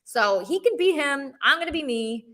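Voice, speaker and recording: A woman hosting a call-in podcast, her voice high, bright, and swinging widely. She talks bluntly and rambles on. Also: animated, normal speed. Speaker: podcast host. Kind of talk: casual call-in chat.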